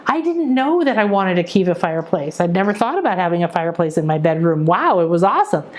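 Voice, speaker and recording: A woman's voice: on the low side, fast. A middle-aged woman who works as an intuitive reader, teaching in a rambling, chatty monologue full of restarts and "right?" asides. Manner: rambling, warm-hearted storytelling with many restarts and "right?" asides; excitable, breaks into exclamations of wonder. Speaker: intuitive reader and spiritual coach. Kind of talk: casual spiritual teaching monologue.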